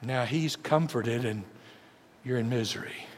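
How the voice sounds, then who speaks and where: A man preaching a sermon as pastor, swinging dramatically between booming and hushed delivery. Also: a little slow, a little hiss or hum. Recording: long church hall reverb.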